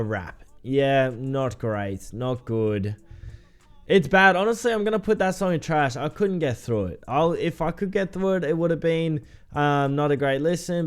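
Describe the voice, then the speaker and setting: Casual man reviewing an album, clear voice. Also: a little high. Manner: relaxed, rambling, frequent ums. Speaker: music reviewer.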